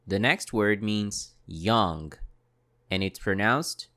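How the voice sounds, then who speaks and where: Very slow, low-voiced male French tutor. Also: lively intonation, bright, forceful tone. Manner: models sounds slowly and repeats each one; brief French classroom prompts among English. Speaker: French pronunciation teacher. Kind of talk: slow, deliberate language lesson.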